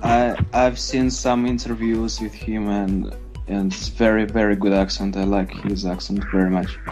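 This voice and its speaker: A man in an online English club, asking questions politely and a little haltingly. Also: fairly low pitch, flat delivery, a little mellow, soft background music, poor audio. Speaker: club participant. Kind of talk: casual chat as an English learner.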